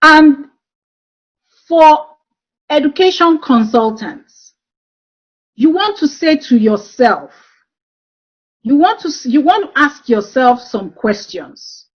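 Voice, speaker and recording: A woman speaks in a slightly high voice over a dull, lo-fi video call. She talks through a webinar presentation, telling stories from her work and pausing often on "um". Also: expressive. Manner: warm storytelling with frequent um fillers. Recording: dull lo-fi online call audio.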